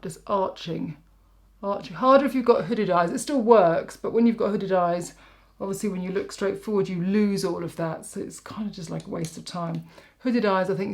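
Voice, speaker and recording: A woman's voice: lowish voice, darkish tone. A woman, a makeup artist giving a chatty, rambling tutorial and joking at herself as she works. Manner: rambling, self-mocking, talks while working.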